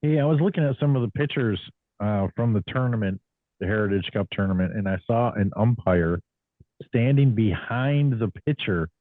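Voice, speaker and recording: A male host at an ordinary pitch puts questions to his guests and ribs them playfully. His voice is narrow and tinny, as if over a phone line. The sound is dry. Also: expressive, normal speed, no echo. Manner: joking, teasing questions. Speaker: podcast host. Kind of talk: casual podcast interview.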